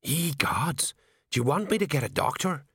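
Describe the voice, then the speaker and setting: A plain-spoken watch sergeant, middle-aged and easily flustered, with homely colloquial speech, voiced by a male reader. He sits a touch higher than the reader's usual voice. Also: lively intonation, moderate pace, a bit bright, breathy edge, no room sound, clean studio sound, full character voice. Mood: alarmed.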